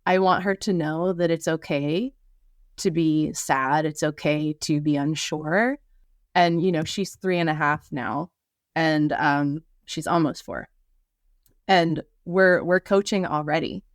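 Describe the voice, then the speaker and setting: A thoughtful woman in her thirties, talking earnestly as a podcast guest and now and then reading passages from her own book. Her voice sits a little low, and it sounds dry and close, with no room around it. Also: steady tone, slow, no echo. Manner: reflective, earnest, with frequent fillers and restarts. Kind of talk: conversational interview and reading aloud from her book.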